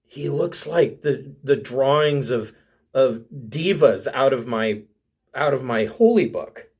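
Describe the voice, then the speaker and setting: A man's voice: mid-range voice, expressive, takes it slowly, a little mellow, slightly rough, voice pushed down, full character voice. A man voicing a devout woman cleric who whispers to her party. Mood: awed.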